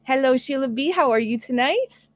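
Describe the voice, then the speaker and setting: A woman's voice: sits high, animated, moderate pace, dry recording. A woman hosting a casual live stream, talking earnestly and reading viewer comments aloud. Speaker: homestead live stream host.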